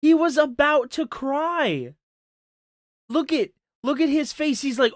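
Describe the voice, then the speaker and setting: A woman's voice: sits high, expressive, slow pace, dry recording, clean studio sound. A woman doing casual reaction commentary over a stream clip, mocking and profane, repeating her jabs.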